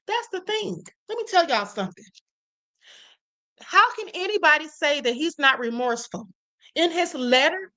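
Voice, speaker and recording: Female live-stream host, high bright voice, emphatic, speaks directly to her chat.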